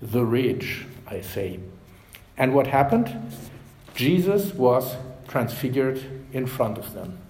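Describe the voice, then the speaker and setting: A male pastor preaching a measured sermon. His voice drops softly at the ends of phrases. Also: medium pitch, very animated, echoey room, a little hiss or hum, poor audio.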